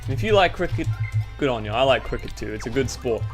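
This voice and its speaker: Young man, Australian accent, goofy rambling gameplay commentary, medium pitch, faint background music. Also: expressive, fast talker. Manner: rambling, goofy and self-deprecating. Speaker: gaming YouTuber.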